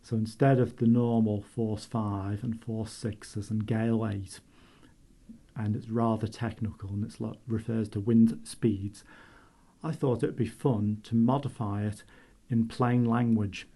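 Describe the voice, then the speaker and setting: Low, dark and fairly flat in pitch, this measured voice belongs to a retiring Manx meteorologist in his sixties from the Isle of Man. He shares funny stories during a chatty radio interview.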